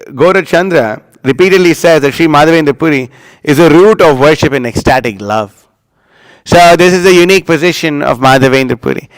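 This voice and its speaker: A man with a voice on the high side, clear and resonant, gives a devotional class, chanting Sanskrit verses and then explaining through stories. He is emphatic and acts out quoted lines in this religious class talk. The recording is dry and of poor audio quality.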